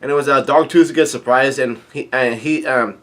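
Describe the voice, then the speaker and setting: A man's voice: medium pitch, fairly even intonation, moderate pace. A man giving a casual recap of a manga chapter, reading lines aloud with lots of fillers and restarts. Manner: rambling with many fillers and restarts. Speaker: manga chapter reader and reviewer.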